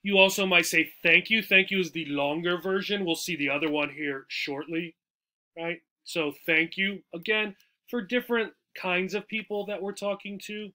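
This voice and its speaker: A man's voice: sits high, fairly even intonation, normal speed, sharp tone. A man teaching English, walking through a textbook dialogue in a chatty way and often checking in with "right?" and "okay?".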